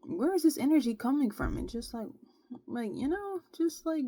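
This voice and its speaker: A woman's voice: high-pitched, normal speed. A young woman, telling a story casually in her vlog, full of slang and filler words. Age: young adult. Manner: slangy, animated retelling with frequent "bro" and "like". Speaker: vlogger.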